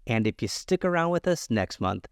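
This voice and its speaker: Playful man hosting a podcast, expressive. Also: medium pitch, normal speed, smooth, dry recording, clean studio sound. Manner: joking, playful. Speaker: podcast host. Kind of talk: casual chat.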